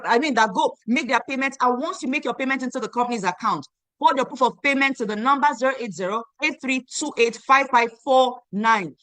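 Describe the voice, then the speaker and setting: A woman in her thirties from Nigeria, hosting an online meeting and giving an emphatic, repetitive sales pitch that urges listeners to act now. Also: a bit bright, no room sound. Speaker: online meeting host selling a program. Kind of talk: motivational sales pitch on a video call. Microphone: video call.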